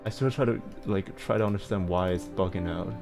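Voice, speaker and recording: Low-voiced young man swearing through casual stream chat. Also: a little fast, over music. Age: young adult. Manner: swears freely and laughs often, rambling and chaotic. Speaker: streamer host.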